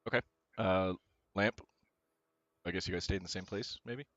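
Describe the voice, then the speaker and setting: Deep-voiced man running a tabletop game. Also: normal speed, a bit bright, dry recording. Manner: hesitant, many "uh"s and restarts. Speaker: game master. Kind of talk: narrating a tabletop game over voice chat. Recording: dull, slightly lo-fi voice chat audio.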